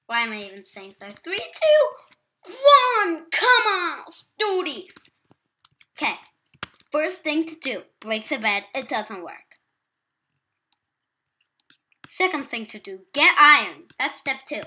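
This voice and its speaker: A woman's voice: on the high side, lively intonation, normal speed, pushed and bright. A teenage girl with an English accent chatting casually while playing a video game, self-deprecating and talkative. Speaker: gaming YouTuber. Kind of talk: casual gameplay commentary.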